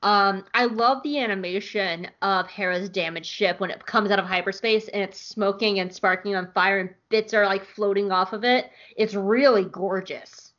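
A woman's voice: medium pitch, fairly even intonation, moderate pace, hardly any pauses, fairly bright tone, muffled recording. Chatty woman recapping an episode. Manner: enthusiastic, lots of "like" fillers. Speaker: podcast co-host. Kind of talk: casual chat recapping an episode.

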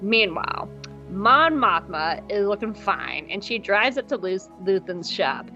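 With a bright, forceful tone and a very animated, slightly slow delivery, a podcast co-host in a mid-range voice rambles through an episode recap. She giggles and curses without holding back, over somewhat dull audio and faint background music.

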